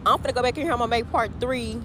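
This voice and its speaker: Woman telling a crazy story casual and loud-mouthed, lots of "y'all", street noise behind. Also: fairly high pitch, rapid-fire. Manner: animated, profane, addresses listeners as y'all. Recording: noisy background with passing cars.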